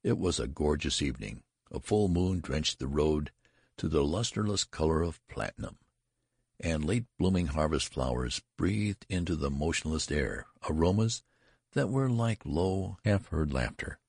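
A man narrating a story in a measured, expressive reading. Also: extremely low pitch, slightly rough, no echo, clean studio sound. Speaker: audiobook narrator. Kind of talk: scripted narration.

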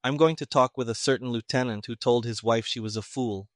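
A man reading the part of a calm, clever male detective who speaks flatly and deliberately. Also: mid-range voice, no room sound, clean studio sound, close to an everyday voice. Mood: toneless, cool. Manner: flat, toneless, deliberate.

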